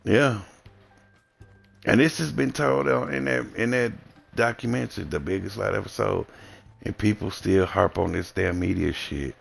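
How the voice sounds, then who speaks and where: A Southern American man talks in a low, gravelly voice, bluntly and in a rambling way. He swears freely through a casual livestream rant. Soft music plays faintly behind him. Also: animated, normal speed. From Southern United States. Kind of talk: casual ranting monologue.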